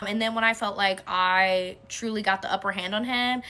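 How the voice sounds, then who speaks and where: A woman telling a personal story in a casual vlog, animated and full of swearing. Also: medium pitch, normal speed. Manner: animated, profane, gossipy.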